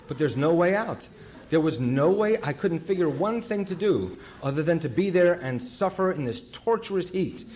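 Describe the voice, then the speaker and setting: A man tells his recovery story with humor and animation, swinging between loud outbursts and hushed asides. His voice sits on the high side, and he speaks at a normal speed.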